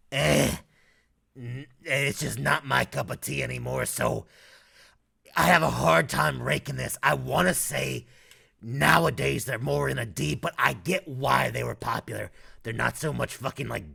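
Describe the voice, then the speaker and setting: A man's voice: mid-range voice, gravelly, bright, forceful tone, slightly rough. A man from North Carolina with a Southern accent, giving casual, blunt and profane ranking commentary as a YouTuber.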